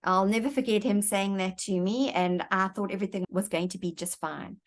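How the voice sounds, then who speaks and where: A woman speaks as an interview guest, telling her own story with earnest reflection. She often circles back and repeats words as she gathers her thoughts. Her voice sits at an ordinary middle pitch. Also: fairly even intonation, fairly quick.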